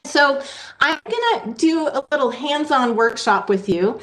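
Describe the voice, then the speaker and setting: A woman giving a presentation to a virtual meeting, teaching reading skills in a clear, teacherly way and sounding out letters slowly. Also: sits high, animated, fairly bright tone. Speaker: literacy presenter. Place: online meeting.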